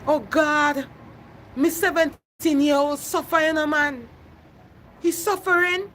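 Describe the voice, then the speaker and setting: A woman's voice: sits high, steady tone, slow pace, a bit bright, slight background noise. A middle-aged woman, ranting passionately on a phone livestream and repeating herself. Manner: impassioned, repetitive, addresses viewers by name. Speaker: livestream host.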